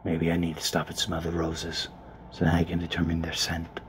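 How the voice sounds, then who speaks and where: Man, low monotone whisper, profane muttered gameplay commentary from a closet. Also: moderate pace. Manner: hushed, grumbling, profane. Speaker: let's player. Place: small closet. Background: faint background noise.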